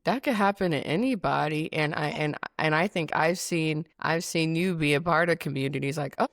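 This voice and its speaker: Brief: thoughtful female host with a very low voice, dry close sound. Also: moderate pace, no room sound. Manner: thoughtful, rambling, many restarts. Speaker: podcast host. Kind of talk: casual conversation.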